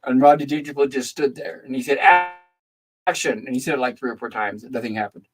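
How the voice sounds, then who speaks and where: Brief: older male host, opinionated, rambling storyteller, mid-pitched voice. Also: racing, low-quality recording. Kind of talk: casual chat, storytelling.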